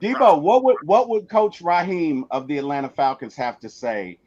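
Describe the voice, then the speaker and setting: A man's voice: a little high, normal speed, a little mellow. A man hosting a casual sports chat on a live stream, teasing his friends and steering the talk. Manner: playful, teasing, leads the talk. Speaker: host. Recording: dull, lo-fi mic.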